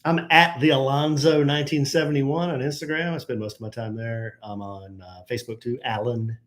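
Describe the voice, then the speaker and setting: A middle-aged man with a medium-pitched voice talks a little fast as he co-hosts a podcast, chatting and joking lively with his son. The room is echoey, with faint noise in the background.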